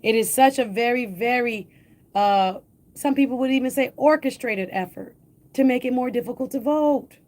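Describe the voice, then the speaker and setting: A radio talk show host, a woman with a slightly high voice, speaks urgently to her listeners. She is emphatic and repeats her key points, asking rhetorical questions and addressing the audience directly. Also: normal speed, darkish tone.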